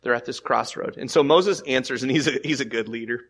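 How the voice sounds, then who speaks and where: A husky-voiced pastor preaches from the pulpit, pushing his main points loud and high and then falling to hushed, slower phrases. It sounds unscripted, with frequent stammers and restarts.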